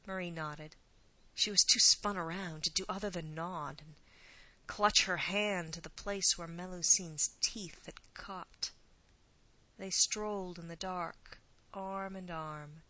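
Slow, hushed woman storyteller. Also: lowish voice, rough recording. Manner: hushed, often half-whispered delivery. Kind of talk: scripted narration.

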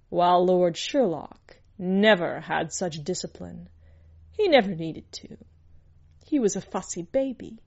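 A woman narrating a story aloud in an unhurried, measured storytelling manner. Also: lowish voice, vocal fry, dark tone, muffled recording.

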